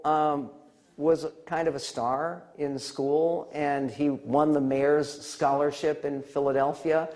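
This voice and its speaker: A man giving a storytelling speech as an author, pausing with fillers and then jumping up in pitch when he gets excited. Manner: animated, pitch leaps high when excited; warm family anecdote, with pauses and fillers. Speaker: public speaker and author.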